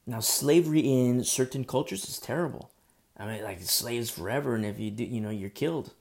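A man preaching an earnest, animated sermon, speaking through a sore throat. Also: medium pitch, brisk, gravelly. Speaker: pastor.

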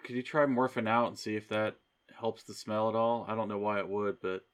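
A man's voice: lowish voice, little pitch movement, fairly quick. A man playing a tabletop role-playing game, talking in a blunt, exasperated way. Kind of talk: in-character tabletop role-play.

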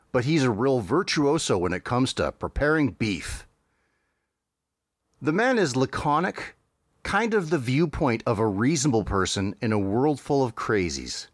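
A man's voice: mid-range voice, sing-song, a little slow, dry recording. A man hosting a podcast, recapping a cartoon episode in a dry, wry way with frequent hesitations. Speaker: podcast host.

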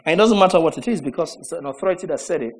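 Lively high-voiced preacher. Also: male voice, racing, poor audio. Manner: emphatic, rhetorical, mocking repetition; swings between shouts and low asides. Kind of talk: sermon.

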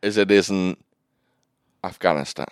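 A man's voice: low-pitched, measured pace, clear, resonant tone, no echo. A man hosting a casual podcast, joking and teasing his co-host in a dry home recording. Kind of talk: casual chat.

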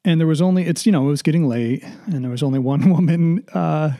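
A man's voice: fairly high pitch, fast, mellow. A middle-aged man hosting a podcast alone, rambling and sarcastic, nervous, restarting often and swearing freely. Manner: nervous, sighing. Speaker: podcast host. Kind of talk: casual solo monologue.

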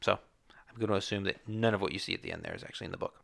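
A man in a relaxed movie discussion, laying out his reading of the film and restarting his sentences as he goes. His voice sits low but sounds bright and forceful. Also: racing, creaky. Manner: explanatory, stumbling restarts. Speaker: podcast co-host. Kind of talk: casual chat.

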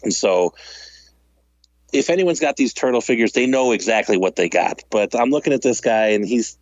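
A man tells a story in loose, casual chat. He laughs a lot and acts out the people he quotes. His voice sits at a middle pitch and is recorded close and dry, with no room sound. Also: moderate pace, no room sound, poor audio. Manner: animated, laughs while telling stories, acts out quotes.

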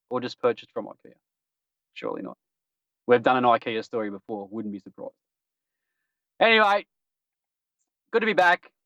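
A man's voice: fairly high pitch, a bit bright, smooth, no room sound. A man hosting a casual podcast news roundup, joking and laughing at his own jokes. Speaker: podcast host. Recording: dull dry lo-fi recording.

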